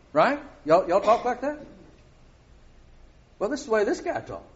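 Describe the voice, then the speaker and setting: A man's voice: high voice, very animated, moderate pace, pauses often, muffled recording. A middle-aged man preaching a sermon, often asking his congregation questions.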